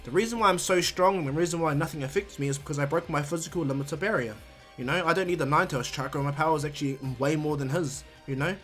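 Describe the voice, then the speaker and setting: A man's voice: a little high, fast, a bit bright, soft background music, lightly acted. A man voicing a cocky, overpowered young male ninja hero in a spoken fan retelling. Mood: boastful.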